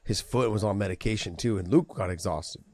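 A man co-hosting a podcast as a former fighter, telling stories in a casual, profane, animated way full of fillers. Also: on the low side, a little fast, no room sound. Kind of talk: casual chat.

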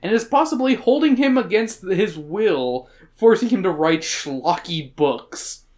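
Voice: medium pitch, animated, measured pace, darkish tone. Joking, crude book club podcast host. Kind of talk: casual book club chat, reading chapter summaries.

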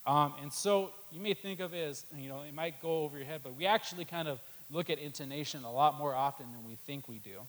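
A man delivers a sermon in an easygoing, talky way. His voice sits a little high for a man. He fills pauses with "um" and keeps tagging phrases with "right there.". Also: fairly bright tone, rough recording. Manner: conversational, many fillers, repeats "right there". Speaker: preacher.

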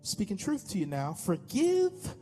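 A man's voice: high voice, normal speed, a little mellow, soft background music. An American man in his fifties, a pastor preaching an impassioned sermon with an altar call in a church, repeating his appeals. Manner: impassioned, repetitive exhortation. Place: church sanctuary.

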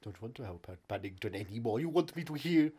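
A man's voice: medium pitch, expressive, quick pace, warm tone, breathy edge, voice pushed down. A man playing a pompous, name-dropping aging British actor in improvised comedy banter, with a theatrical luvvie drawl. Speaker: mock talk-show host.

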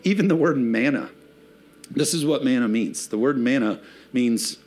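A man's voice: mid-range voice, lively intonation, moderate pace, darkish tone, a little hiss or hum. A man preaching a sermon to a church congregation in a loose, conversational way, mixing jokes into his message. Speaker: pastor. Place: church sanctuary before a congregation.

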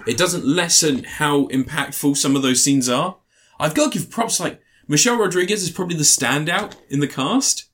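A man's voice: a little high, normal speed, breathy edge. Rambling man reviewing films. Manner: rambling, animated retelling of scenes with playful voices and laughter. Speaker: podcast co-host. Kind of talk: casual film review chat.

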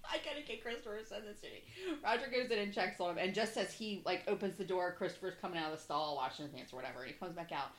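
A woman in her thirties telling a story in casual chat, animated and profane, acting out the people in it. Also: mid-range voice, fast talker, few pauses, echoey room, a little hiss or hum. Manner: animated, profane, acts out voices in her stories.

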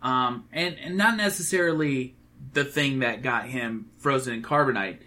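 A man's voice: medium pitch, normal speed, bright, forceful tone. A man in casual chat, reviewing a film with a friend in a rambling, enthusiastic way. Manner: chatty, enthusiastic, rambling with fillers.

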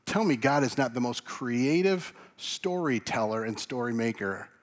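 A man preaching a sermon, animated, swinging from loud emphasis to hushed tones. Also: medium pitch, moderate pace. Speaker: pastor. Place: church.

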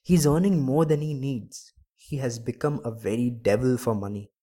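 A man's voice: mid-range voice, steady tone, normal speed, dark tone, natural voice. A man voicing a kind-hearted market ribbon seller who speaks earnestly. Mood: indignant. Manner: earnest, pleading.

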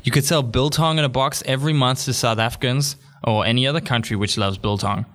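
A man's voice: medium pitch, fairly quick, a bit bright. A young adult man from England, hosting a solo podcast in an upbeat, chatty way with jokey asides. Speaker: podcast host.

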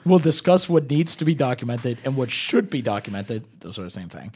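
A man's voice: medium pitch, big pitch swings, fairly quick, a little mellow, slightly rough. American man, podcast co-host, dry sarcastic reads, casual banter. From United States. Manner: sarcastic, reads items aloud with mock disbelief. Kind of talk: casual comedic podcast chat.

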